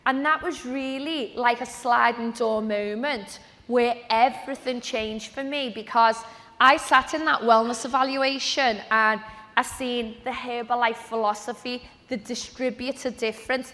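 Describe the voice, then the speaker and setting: A woman in her forties tells her story from the stage in a lively, chatty way. Her voice is high and bright, almost sharp. It rings out with the long reverb of a large hall. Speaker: speaker at a business event. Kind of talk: motivational stage talk.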